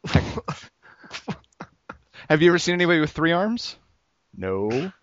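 Jokey guy rambling on a podcast, bouncy pitch, kinda muffled lo-fi audio. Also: big pitch swings, moderate pace, fairly bright tone. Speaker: podcast co-host. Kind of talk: casual banter. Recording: dull lo-fi sound, dry.

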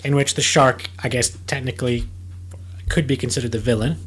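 A man on a casual podcast who stumbles and repeats words as he builds out playful what-if scenarios. His voice sits at an ordinary middle pitch. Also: steady tone, fairly quick, a little hiss or hum.

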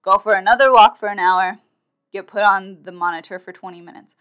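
A young woman vlogger telling her birth story in a casual, animated way, acting out quotes and filling her talk with "like". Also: mid-range voice, a little fast, clear, resonant tone. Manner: animated, acts out her own and others' quotes, many fillers like "like".

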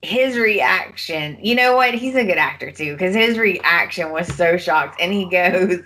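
A woman's voice: fairly low pitch, a little slow, few pauses, bright, forceful tone. A woman co-hosting a podcast, casually recapping soap opera episodes and acting out the characters' lines. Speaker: podcast co-host.

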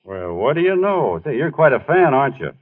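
A man playing an earnest, bashful young ballplayer in 1940s radio acting, his voice husky on a tinny old broadcast. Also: medium pitch, sing-song, brisk. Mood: encouraging.

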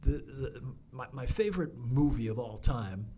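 A man with a mid-pitched voice speaks reflectively as a podcast guest, often restarting his sentences. Faint background noise sits under his voice. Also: lively intonation, warm tone. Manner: reflective, halting, with many restarts. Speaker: fire chief guest. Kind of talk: casual podcast conversation.

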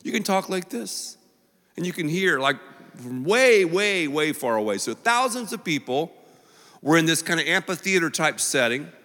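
A male pastor preaching a sermon in a joking, animated way, full of quick asides, in a large church auditorium. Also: on the high side. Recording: long reverb of a large hall.

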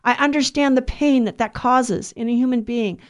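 A woman's voice: fairly high pitch, moderate pace. A middle-aged woman giving an earnest, conversational religious talk, preaching with occasional restarts. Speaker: Catholic speaker.

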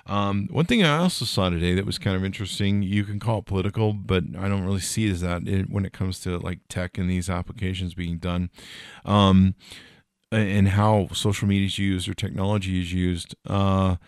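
With a deep, steady, smooth voice at a fairly quick pace, this middle-aged man hosts a podcast, casually covering tech news through rambling jokes and frequent fillers. The studio recording is clean, with no echo.

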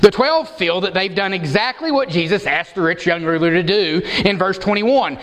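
A man's voice: high-pitched, expressive, moderate pace, big-room sound, low-quality recording. A man preaching an expository sermon, emphatic and given to repeating words for stress.

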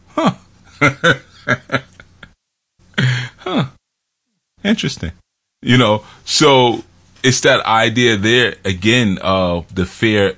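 A man's voice: mid-range voice, fairly bright tone. A man talking in a rambling, casual monologue, laughing often and acting out quotes from films.

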